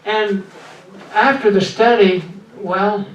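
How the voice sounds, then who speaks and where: An older man doing stand-up in a small club, with a weak, breathy voice after voice surgery and slow deadpan one-liners. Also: high voice, highs cut off. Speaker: stand-up comedian. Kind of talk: stand-up set. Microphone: handheld mic through a loud PA. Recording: echoey club recorded from far off.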